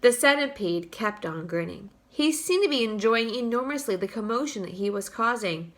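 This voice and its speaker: A woman teacher reads a chapter book aloud to her young students, expressive and lively. Her voice sits high and bounces through a wide range, with a bright tone. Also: moderate pace. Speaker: third-grade teacher. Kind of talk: read-aloud for children.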